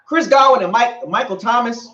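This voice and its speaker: A man hosting a fan channel, reacting live to a game with excitable, repetitive, slangy talk. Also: extremely high pitch, normal speed. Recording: dull echoey room sound.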